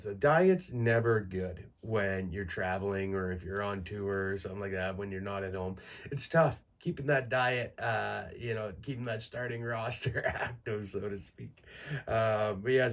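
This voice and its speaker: A man in his thirties from Canada hosts a podcast alone, talking through crude, self-mocking stories. His voice sits a little low, and he keeps breaking into laughter partway through lines. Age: 30s. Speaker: podcast host. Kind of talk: casual monologue.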